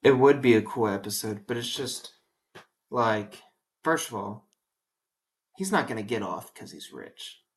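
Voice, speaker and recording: A young man co-hosting a podcast in casual banter, answering with short, dry, deadpan jokes. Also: fairly low pitch, a little slow, long pauses. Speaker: podcast co-host.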